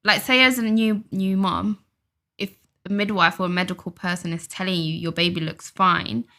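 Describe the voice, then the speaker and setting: A woman's voice: lowish voice, steady tone, normal speed, pushed and bright. A woman chatting casually on a podcast, chiming in with sympathetic comments. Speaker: podcast co-host. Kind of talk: casual chat.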